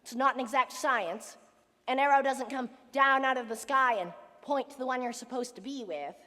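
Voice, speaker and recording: A woman's voice: high voice, normal speed, bright, forceful tone. A woman playing a lonely, wistful middle-aged theatre fan in a school stage musical, talking confidingly to the audience in asides. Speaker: narrator character. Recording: reverberant school auditorium.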